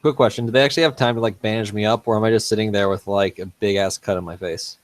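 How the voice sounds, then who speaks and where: A man's voice: lowish voice, fairly even intonation, fast talker, dry recording. A man playing a tabletop game, describing his character's wounds in a plain, matter-of-fact way. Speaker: player. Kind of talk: casual tabletop play.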